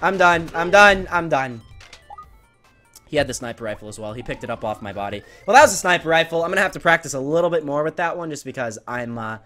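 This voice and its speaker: An excitable man commentating his own gameplay in a high, bouncy voice that swings widely in pitch. He gets loud and repeats himself when things go well or badly, with faint game music underneath. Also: fast. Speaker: gaming video creator.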